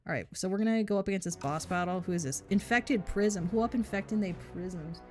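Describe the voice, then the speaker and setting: A woman's voice: mid-range voice, a little fast, soft background music. A woman streaming a game live, chatting casually in a joking, rambling, mock-boastful way.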